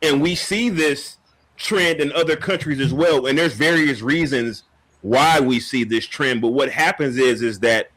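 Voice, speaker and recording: Opinionated man making a steady argument. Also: mid-range voice, poor audio. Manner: deliberate, opinionated, building an argument. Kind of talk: casual podcast discussion.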